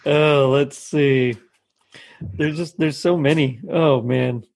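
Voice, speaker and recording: A man's voice: on the high side, fairly even intonation, takes it slowly, gravelly, a little mellow. A man chatting casually, laughing often and gushing about favorite cartoon lines. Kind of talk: casual chat.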